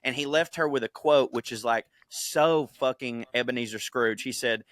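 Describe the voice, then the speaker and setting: Bright-voiced profane male podcast storyteller. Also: mid-range voice, moderate pace, hardly any pauses, no echo, studio quality. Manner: animated storyteller, profane, voices quotes in funny put-on tones. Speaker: podcast co-host. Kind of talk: casual chat.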